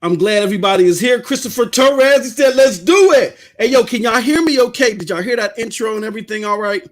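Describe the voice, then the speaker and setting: A male podcast host in casual, animated chat, talkative and loose, out of breath from running up and down stairs. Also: high voice, quick pace.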